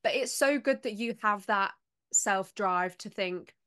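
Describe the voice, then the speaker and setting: Woman, podcast host, casual interview chat, encouraging and full of quick praise, mid-pitched voice. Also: pushed and bright.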